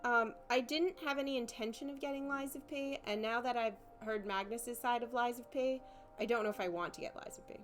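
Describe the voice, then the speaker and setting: Soft music fills the living room as a young woman livestreams her painting and chats casually, joking at her own expense and repeating herself. Her pitch is fairly high, her intonation fairly even, and her pace brisk.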